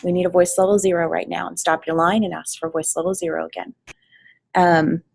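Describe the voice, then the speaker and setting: A woman's voice: lowish voice, flat delivery, a little fast, gravelly, breathy edge, poor audio. A woman coordinating volunteers, giving a practical training talk with frequent fillers, speaking to a room and an online meeting. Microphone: online meeting mic, at varying distance.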